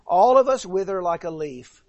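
Guy preaching a sermon, pretty high voice, earnest, dry close sound. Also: expressive, moderate pace, darkish tone, dry recording, highs cut off. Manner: earnest, repeats words when restarting.

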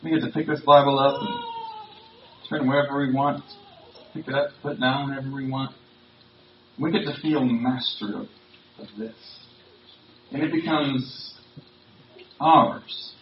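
Male pastor, mid-pitched, conversational sermon delivery with emphasis; echoey, distant, muffled church recording. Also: big pitch swings, measured pace, long pauses, a little hiss or hum. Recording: roomy, distant, dull sound.

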